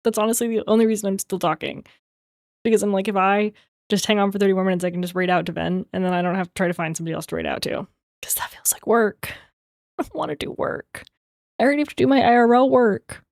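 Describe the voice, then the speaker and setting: A young adult woman livestreamer in rambling, casual chat, quick to laugh. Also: mid-range voice, a little mellow, no room sound, clean studio sound.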